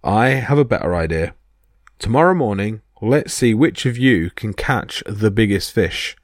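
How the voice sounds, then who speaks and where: A man voicing a warm, welcoming female giant's wife who speaks kindly and practically. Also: fairly low pitch, expressive, unhurried, dry recording, clean studio sound. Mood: soothing.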